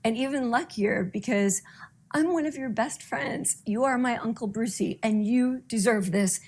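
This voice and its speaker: A woman's voice: fairly high pitch, moderate pace, a little mellow. A woman giving an earnest, affectionate video tribute to a close friend. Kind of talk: heartfelt video message.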